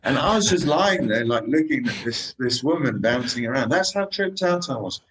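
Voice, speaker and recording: Guest man telling animated travel stories. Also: medium pitch, normal speed, rough recording. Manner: animated anecdotes, says "man" and "eh". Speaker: podcast guest, motorcycle traveler. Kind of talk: casual storytelling chat.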